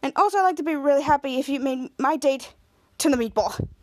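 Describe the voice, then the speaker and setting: A woman's voice: sits high, fast talker, darkish tone, dry recording, natural voice. A woman reading an earnest nervous teen boy. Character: earnest teenage boy, nervous about romance.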